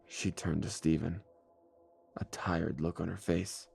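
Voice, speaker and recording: A man narrating a scripted horror story in a measured, deliberate way, with music playing behind him. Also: low voice, steady tone, gravelly, darkish tone, breathy edge. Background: faint music score.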